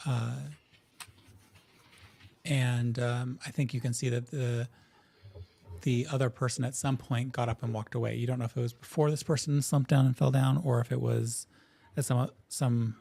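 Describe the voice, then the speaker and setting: A man narrating as game master in a tabletop game, relaxed and easygoing, with frequent hesitant fillers. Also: mid-range voice, moderate pace, gravelly.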